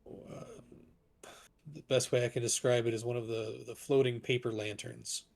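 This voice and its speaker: A man narrating as game master of a tabletop game, slow and halting. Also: medium pitch, level tone, creaky, darkish tone.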